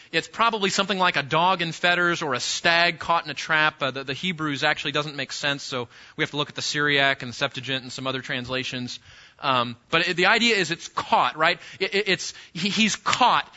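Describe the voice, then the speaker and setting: Animated high-voiced male Bible teacher. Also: lo-fi sound. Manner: animated, acts out scenes, repeats himself. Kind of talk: teaching sermon.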